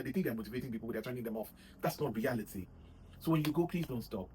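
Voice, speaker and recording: A man's voice: mid-range voice, expressive, fast, darkish tone, a little hiss or hum, low-quality recording. A man giving casual motivational advice to his viewers, rambling and often adding "you know what I mean.". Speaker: vlogger giving gym advice. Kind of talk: casual motivational talk to camera.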